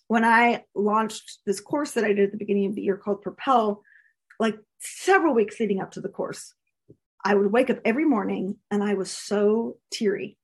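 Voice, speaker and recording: A woman's voice: on the high side, breathy edge. A woman coaching listeners in a casual, earnest, candid talk, laughing often. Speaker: coach teaching a course.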